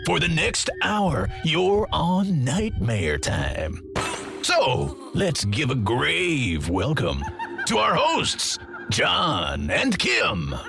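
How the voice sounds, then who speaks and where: A man voicing a ghoulish late-night radio DJ, announcing in a drawn-out, theatrical sing-song over music. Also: fairly high pitch, huge pitch swings, gravelly, exaggerated voice. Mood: spooky, theatrical. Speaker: show announcer. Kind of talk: spooky radio-DJ intro.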